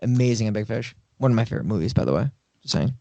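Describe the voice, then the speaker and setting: A man's voice: on the low side, expressive, racing, vocal fry, warm tone, dry recording, lo-fi sound. A man co-hosting a podcast in casual chat, rambling with lots of filler words and casual swearing. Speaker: podcast co-host. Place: podcast studio.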